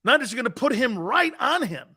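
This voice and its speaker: Male sports radio host, high and bright-toned, brash and argumentative, slangy banter. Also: sing-song, a little fast, husky. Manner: brash and emphatic, slangy with frequent "man" and "dude"; argumentative, laughing off callers' views.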